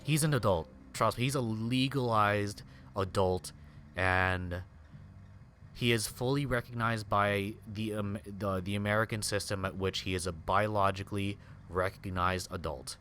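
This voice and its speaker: Young man, streamer, rambling slangy chat, lowish voice, faint background hiss. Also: unhurried, a bit bright. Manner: rambling, slangy, peppered with "dude" and "like". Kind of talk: casual gameplay chat.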